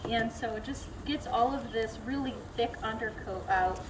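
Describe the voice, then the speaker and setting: A woman's voice: on the high side, normal speed, noisy background. A woman zookeeper giving a friendly live talk outdoors at an animal exhibit, explaining with frequent ums.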